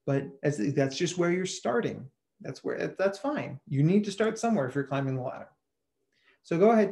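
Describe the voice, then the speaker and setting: An energetic man presents a webinar over a video call, talking in a casual and enthusiastic way. His voice sits at a middle pitch, and he often repeats words mid-sentence. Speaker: presenter, psychologist.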